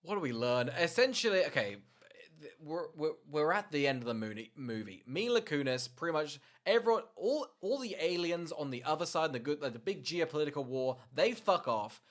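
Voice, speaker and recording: A man's voice: a little high, big pitch swings, brisk. A man co-hosting a film podcast, chatting casually and jokingly acting out scenes. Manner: jokey, acts out film scenes in silly voices. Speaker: podcast co-host. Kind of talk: casual chat.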